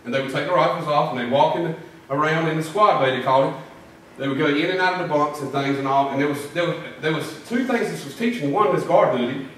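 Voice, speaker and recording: A man's voice: a little high, fast, a bit bright, a little hiss or hum. A middle-aged man preaching a sermon, telling folksy stories and doing drill-sergeant impressions. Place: church sanctuary. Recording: echoey church from far off.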